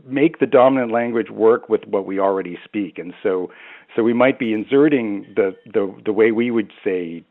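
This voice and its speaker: A man's voice: fairly low pitch, moderate pace. Man on a tinny phone line. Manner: hesitant, many restarts and "you know"s. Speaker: language expert guest. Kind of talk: radio phone-in interview.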